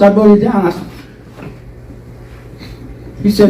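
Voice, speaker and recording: An older man telling stories in an interview, animated and rambling, acting out voices from his past. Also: extremely high pitch, measured pace, long pauses, recorded from a distance, slight background noise. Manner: rambling, animated storytelling with acted quotes. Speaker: interview guest. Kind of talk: storytelling interview. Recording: roomy, from off-mic.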